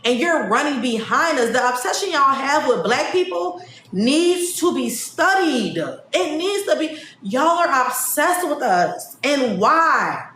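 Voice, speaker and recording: A woman's voice: sits high, lively intonation, takes it slowly, a bit bright, slight background noise. Brief: woman podcast host, heated and profane on a livestream, recorded in a roomy space. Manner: blunt, profane, heated ranting. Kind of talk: casual livestream commentary.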